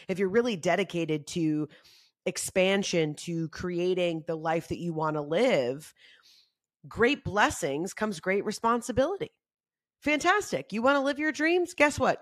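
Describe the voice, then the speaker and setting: Chatty frank woman podcasting, dry sound. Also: no room sound. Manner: chatty and frank, heavy "like" fillers, expressive pitch jumps. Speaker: podcast host. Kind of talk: casual spiritual self-help monologue.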